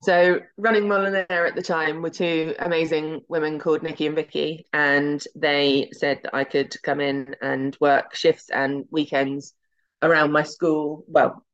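A woman's voice: low voice, flat delivery, unhurried. A middle-aged woman, a TV executive guest, telling her story in a chatty, anecdotal way and acting out the dialogue. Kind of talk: casual interview storytelling. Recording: slightly muffled lo-fi audio.

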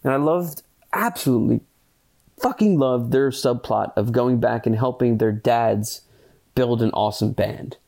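A man hosting a podcast and reviewing a film in casual solo chat, rambling with lots of fillers, earnest and excitable, swearing casually. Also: mid-range voice, measured pace, gravelly.

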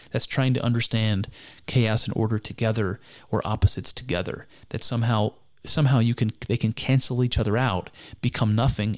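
A man's voice: fairly low pitch, a little mellow. A man giving a reflective spoken commentary on a text, earnest and musing, often stopping to restart his sentences. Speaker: speaker discussing mysticism.

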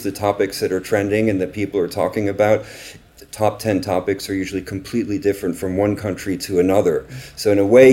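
A man with an American accent, raised in Paris, speaking as a marketing company chief executive in a podcast interview, giving measured and reflective explanations. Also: low-pitched, mellow. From United States, raised in Paris from age twelve. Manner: measured, reflective explanations with some filler ums. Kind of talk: conversational interview.

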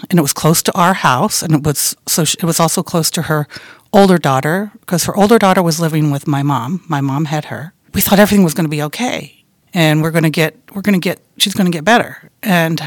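A middle-aged woman telling the story of her daughter in an interview, talking softly and haltingly, often trailing off into a quiet voice. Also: low voice, dry recording, studio quality. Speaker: guest, bereaved mother.

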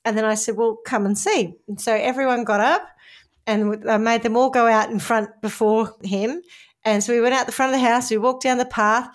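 A woman's voice: on the high side, steady tone, a little fast. A middle-aged woman with an Australian accent, co-hosting a podcast in casual, chatty storytelling. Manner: chatty, acts out quoted voices with laughter. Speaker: podcast co-host.

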